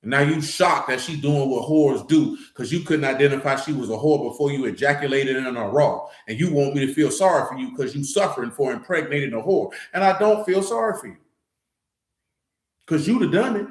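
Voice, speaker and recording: A man of medium pitch teaches a scripture study assembly at a brisk pace, his voice echoing around the room. The lesson is conversational, loose, blunt and streetwise, peppered with "you know what I'm saying."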